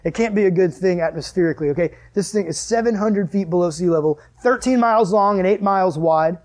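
A young man gives a casual sermon, moving from a funny family story into a Bible passage. His voice sits high for a man, and he jokes with the room and plays every character himself. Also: fast talker. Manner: animated, jokey, acts out the characters in his stories. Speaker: preacher.

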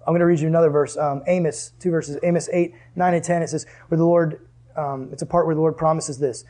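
Guy preaching to a crowd, kinda high husky voice, chatty, asks the room stuff, goes quiet for effect. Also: fairly even intonation, fast talker. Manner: conversational, asks the room questions, drops to hushed tones for emphasis. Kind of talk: sermon.

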